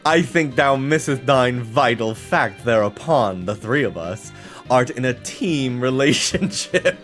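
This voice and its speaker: A man's voice: medium pitch, expressive, unhurried, fairly bright tone, faint music behind. A man putting on a pompous scheming schemer in mock old English. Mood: haughty. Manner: theatrical, archaic phrasing.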